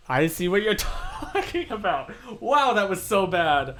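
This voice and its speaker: A man's voice: high-pitched, very animated, unhurried, few pauses, fairly bright tone. A young man hosting a livestream, chatting playfully and answering viewer comments with self-deprecating humor. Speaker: livestream host. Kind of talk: casual livestream chat, reading comments.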